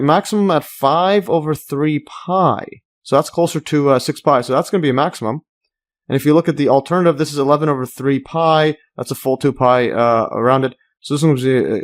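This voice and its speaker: A man explaining a math graph as he works, thinking aloud with many fillers, restarts and enthusiastic asides. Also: mid-range voice. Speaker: math tutor. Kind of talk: casual screen-recorded math walkthrough.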